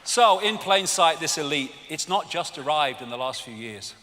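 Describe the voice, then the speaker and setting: An English man giving a live seminar lecture, animated and mocking, swearing freely. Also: a little high, normal speed. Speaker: seminar speaker. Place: lecture hall with audience. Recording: long hall reverb, faint audience.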